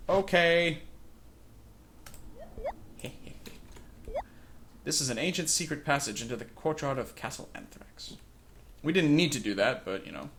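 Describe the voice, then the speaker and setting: A man's voice: on the high side, a bit bright, slight background noise. A man hosting a let's play, reading game text aloud and musing wryly on his choices. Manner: wry, musing.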